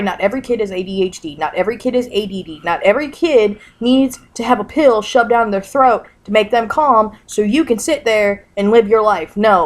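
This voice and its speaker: A woman ranting on her vlog, blunt and emphatic, swearing and repeating herself, recorded at home on a camera mic. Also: fairly high pitch. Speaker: vlogger. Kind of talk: angry vlog rant.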